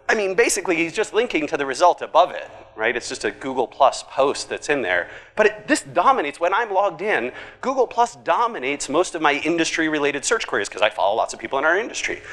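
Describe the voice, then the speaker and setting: A man giving a conference keynote, talking in an animated, conversational way and tossing in jokey asides. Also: on the high side, long reverb tail. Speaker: conference speaker. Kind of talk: keynote presentation. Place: large conference hall.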